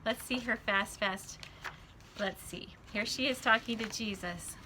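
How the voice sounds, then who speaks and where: A woman teaching a children's Bible club, telling a story in an animated way and asking the children questions. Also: on the high side, normal speed, background noise. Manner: animated, asks children questions, says their names.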